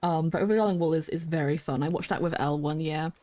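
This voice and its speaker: A young woman streaming a game and chatting casually with her viewers, rambling with lots of fillers and restarts and breaking into excited greetings. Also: low-pitched, fast.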